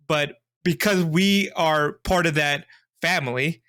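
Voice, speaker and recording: Bright, higher-voiced man chatting movies. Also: slow. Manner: laughs often, self-deprecating. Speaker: podcast co-host. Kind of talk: casual movie review chat.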